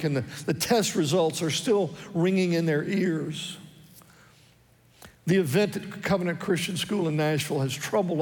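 A man preaches with an earnest pulpit delivery, his voice sitting a little higher than most men's. He leans on his key phrases and says them twice. A long church-hall reverb trails every line. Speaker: pastor. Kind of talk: sermon. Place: church sanctuary.

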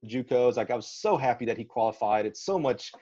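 A man from Alabama, a track coach, spins a long story on a podcast in a folksy, animated way and acts out every quote. His voice sits mid-range, and the recording is slightly muffled and lo-fi. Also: mid-range voice, fast talker, faint music behind. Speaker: track and field coach, guest. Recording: slightly dull lo-fi audio.

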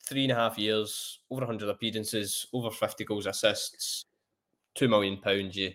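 Man, lowish voice, measured, thoughtful podcast chat. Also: little pitch movement, fairly bright tone. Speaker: podcast co-host. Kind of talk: casual football chat.

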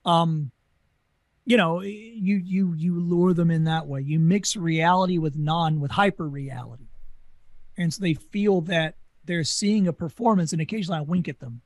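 A Southern US man tells carnival stories in a quick, animated interview voice. His pitch sits high for a man. The sound is dry and close. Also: no echo. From Southern United States. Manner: fast, animated talker. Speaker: guest, former carnival talker. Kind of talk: casual storytelling interview.

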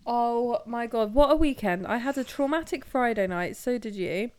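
A woman's voice: on the high side, moderate pace, darkish tone, clean tone, no room sound. Giggly young Englishwoman telling stories. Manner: giggly, chatty storytelling. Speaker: podcast co-host. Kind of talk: casual chat.

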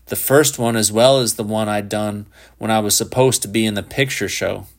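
A man's voice: fairly low pitch, steady tone, normal speed, lightly acted. A man voicing a sly, mocking teenage boy with a clubfoot in a storybook reading.

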